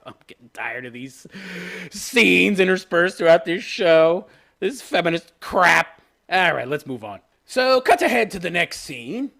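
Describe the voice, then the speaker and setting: A man's voice: high voice, big pitch swings, a little slow, creaky, pushed and bright. A man ranting sarcastically about a TV episode, laughing as he reviews it. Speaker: show reviewer.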